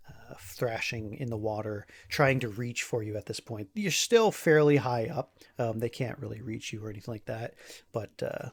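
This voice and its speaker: A man's voice: mid-range voice, creaky. A man narrating as game master for a tabletop game, easygoing with frequent ums and uhs. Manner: relaxed, many ums and uhs, laughs easily.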